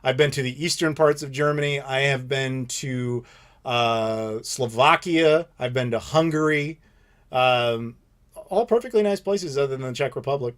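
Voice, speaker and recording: An American man in his thirties hosting a live Q&A stream, telling stories in a blunt, animated, profane way. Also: medium pitch, unhurried. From United States. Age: 30s. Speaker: channel host.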